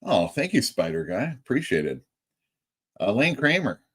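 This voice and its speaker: A man's voice: mid-range voice, big pitch swings, moderate pace, breathy edge. Chatty man hosting a live stream. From California. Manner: chatty, reads out chat comments, laughs often. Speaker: comic shop owner hosting a live stream. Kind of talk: casual live-stream chat.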